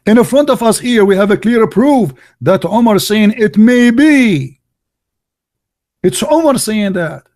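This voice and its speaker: A man with a high, voice hosts a heated live call-in debate. He talks combatively, cuts in and repeats phrases over and over. He says he is losing his voice. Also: lively intonation, normal speed, hardly any pauses, darkish tone, no room sound, clean studio sound.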